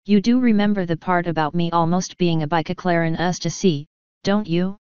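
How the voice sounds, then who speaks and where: A woman's voice: fairly low pitch, fairly quick, darkish tone, clean tone, no echo, muffled recording, lightly acted. A woman reading as a blunt griffon mercenary. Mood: cocky. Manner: blunt, offhand. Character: female griffon mercenary, tough, blunt and casual.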